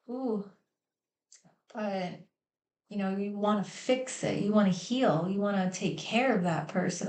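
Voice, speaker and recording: A woman's voice: mid-range voice, a little mellow. A woman hosting a livestream, talking candidly and emotionally about her family, swearing freely. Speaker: host. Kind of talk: candid personal talk on a livestream. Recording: echoey room.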